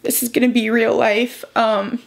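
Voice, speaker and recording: Tearful young woman vlogger, halting. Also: on the high side, little pitch movement, creaky. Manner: emotional, halting, fighting back tears. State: close to crying. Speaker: beauty vlogger. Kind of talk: chatty get-ready-with-me vlog.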